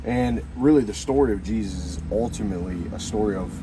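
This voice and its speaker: A man's voice: fairly low pitch, brisk, background noise. A young man giving rambling, earnest life advice in a casual motivational monologue, often restarting his sentences.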